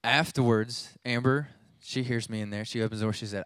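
A man's voice: medium pitch, steady tone, brisk, a bit bright, no echo. A youth pastor in his thirties preaching a sermon, telling a family story in a conversational way with many restarts.

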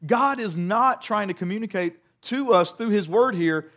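A man's voice: high voice, animated, moderate pace, fairly bright tone. A young man preaching a sermon, retelling scripture in plain conversational words with earnest emphasis. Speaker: pastor.

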